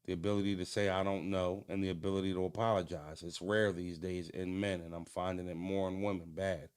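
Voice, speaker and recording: A man hosting a casual podcast, ranting bluntly with profanity, jumping into animated voices and stuttering restarts. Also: low voice, fast talker, smooth, dry recording. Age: adult. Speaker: podcast host.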